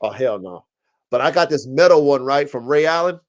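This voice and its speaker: A man's voice: mid-range voice, moderate pace. A man hosting a casual livestream podcast, telling rambling, profane stories with lots of energy. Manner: profane, rambling, animated storytelling. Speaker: podcast host.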